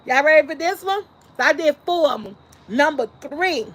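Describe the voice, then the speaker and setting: A woman hosting a casual live stream, lively and laughing often as she talks to her chat. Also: sits high, moderate pace, slight background noise. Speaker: vlog host.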